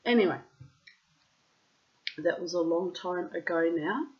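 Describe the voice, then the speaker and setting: A middle-aged woman rambling profanely through a casual monologue with theatrical asides. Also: on the low side. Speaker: reader and host. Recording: dull lo-fi recording.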